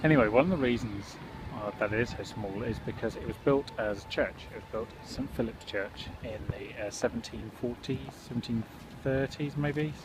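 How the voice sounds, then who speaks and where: A young man talks fairly quickly in a medium-pitched voice, noise filling the background. Filming himself on a handheld camera as he walks indoors and through city streets, he keeps up chatty, self-mocking vlog commentary.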